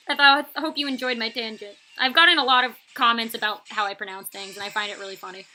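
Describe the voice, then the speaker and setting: A woman's voice: fairly high pitch, fairly quick, bright, forceful tone, a little hiss or hum, low-quality recording. A young woman from New York with a light New York accent and a touch of Boston, chatting casually and laughing often on an art live stream.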